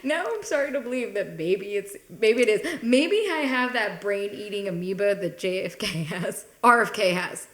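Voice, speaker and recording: A woman's voice: mid-range voice, lively intonation, moderate pace, hardly any pauses, a bit bright. A woman in her forties co-hosting a podcast in casual comedic chat, self-deprecating and laughing often as she tells stories. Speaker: podcast co-host.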